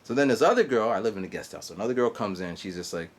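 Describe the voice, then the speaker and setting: Animated, rambling man in his forties. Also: on the low side. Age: 40s. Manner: halting, digressive storytelling with fillers and mouth sound effects. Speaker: vlogger. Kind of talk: rambling monologue. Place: guest house in Japan.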